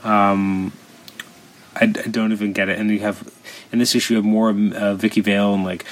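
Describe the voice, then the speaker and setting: A man with a somewhat low-pitched voice talks through a comic series in a loose, unscripted way. He leans on fillers and restarts and keeps sounding openly incredulous. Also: little pitch movement, brisk. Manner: rambling, filler-heavy, incredulous. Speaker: comic book reviewer. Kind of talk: casual spoken review.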